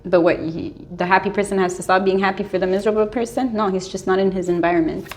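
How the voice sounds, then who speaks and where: A woman's voice: mid-range voice, fast, a little hiss or hum. Chatty woman giving tarot advice. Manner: chatty, animated, laughs often, many "like"s. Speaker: tarot reader. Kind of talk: casual spiritual advice monologue.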